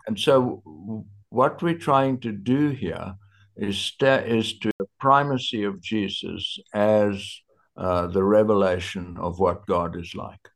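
A man leads a relaxed Bible study, talking very slowly. His voice is low and gravelly, and he often stops with fillers while he hunts for a word. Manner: slow, searching for words, many fillers. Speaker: Bible teacher.

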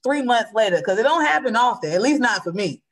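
A woman in a casual faith conversation, talking fast and earnestly as she shares her testimony. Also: fairly high pitch, expressive. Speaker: churchgoer sharing testimony.

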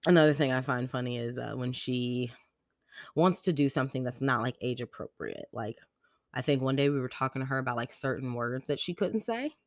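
A woman's voice: very deep voice, brisk, no room sound. Young woman, podcast host, casual and slangy storyteller, dry close mic. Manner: chatty storytelling, slangy, lots of "like". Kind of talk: casual chat.

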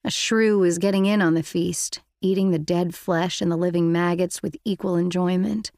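A woman narrates an audiobook in the first person, with reflective, intimate storytelling. Her voice sits low and carries a gravelly texture. The recording is close and completely dry. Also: fairly even intonation, normal speed, a little mellow, no room sound.

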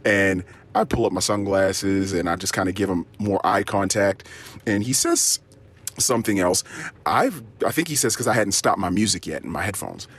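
Crude, ranting man with husky voice. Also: sits low, normal speed. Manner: animated, swings into mock-excited tones. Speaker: diary podcast host. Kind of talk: rambling spoken diary.

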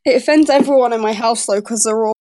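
A woman's voice: on the high side, fast, warm tone, no room sound. Giggly young British woman, dry sound. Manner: chatty, giggly, self-deprecating. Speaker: podcast guest. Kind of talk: casual chat.

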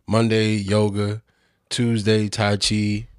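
A low-pitched man co-hosting a podcast, his voice recorded close and dry. He repeats himself as he finds his words. He ends on pep-talk advice. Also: completely flat delivery, slow, a little mellow, smooth, dry recording. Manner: stammers and restarts, motivational. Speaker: podcast co-host. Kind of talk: casual chat.

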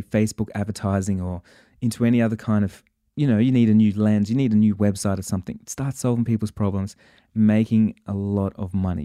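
A man's voice: fairly low pitch, warm tone, no echo, studio quality. A man hosting a podcast, talking straight to listeners in a passionate, worked-up motivational monologue. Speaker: podcast host.

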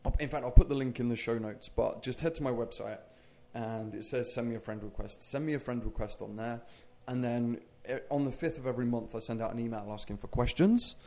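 A man with a warm, mid-range voice speaks fairly quickly. He's a fitness coach hosting his own podcast solo, chatting in a loose, rambling way and cracking self-deprecating jokes.

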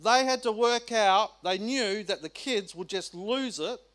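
A middle-aged Australian man preaching a sermon, animated and colloquial, firing off rhetorical questions. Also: high-pitched, a little slow. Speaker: pastor.

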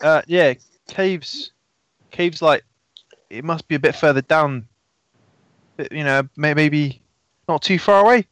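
Male player, rambling stammerer, a bit high, dry close mic. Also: unhurried, pauses often, fairly bright tone, dry recording. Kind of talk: casual tabletop game chat.

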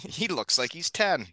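A man's voice: a little high, bright, forceful tone, no room sound. A man hosting a casual hockey podcast, upbeat and joking, often laughing. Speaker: podcast host.

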